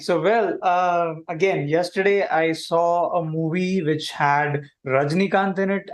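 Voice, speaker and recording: Man as cheerful alien livestream host, a bit high-voiced, chatty with the audience. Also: lightly acted. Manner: animated, chatty, addresses viewers directly. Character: friendly male alien visitor hosting a kids' stream. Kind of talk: playful kids' livestream hosting.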